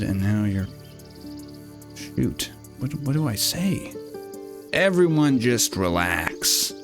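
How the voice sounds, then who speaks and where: Slow-talking joking male gamer. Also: medium pitch. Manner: joking, rambling, playful. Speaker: gaming video host. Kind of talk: let's play commentary. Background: game music.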